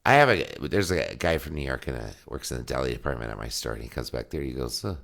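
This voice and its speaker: A man's voice: very deep voice, expressive, quick pace, vocal fry, a bit bright. A middle-aged man trading crude, joking stories in a casual podcast chat. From Colorado.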